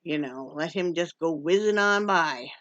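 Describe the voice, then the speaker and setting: A woman's voice: low-pitched, normal speed, a bit bright, no room sound. A woman from Wyoming in a casual home vlog, chatty and joking and cooing at her dog. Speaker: vlogger. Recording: dull lo-fi sound.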